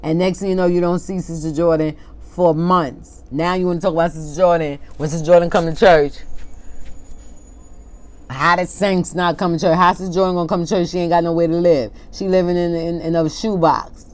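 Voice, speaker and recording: A woman with a low voice preaches an informal sermon. She lingers over each word when she reads scripture, then turns impassioned and pointed, arguing with the people she is preaching to. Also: steady tone, a little mellow. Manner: impassioned, talks back to an imagined congregation, laughs at herself; reads scripture slowly and deliberately.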